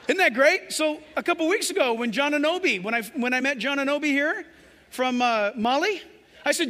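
A male pastor delivers an impassioned sermon in a very high, ringing voice. His tone is bright and forceful, and long reverb from a large hall trails every phrase. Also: lively intonation, a little fast, slight background noise. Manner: impassioned preaching, acts out quoted voices.

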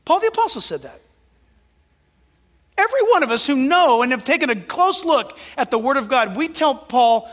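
A man preaching a sermon as a pastor, telling stories with animated delivery and dropping into soft asides. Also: extremely high pitch, moderate pace, long reverb tail.

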